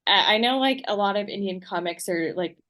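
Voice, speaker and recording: A woman's voice: medium pitch, a little fast, a bit bright. A woman speaking as a podcast guest in casual conversation, reflective and hesitant, with many fillers.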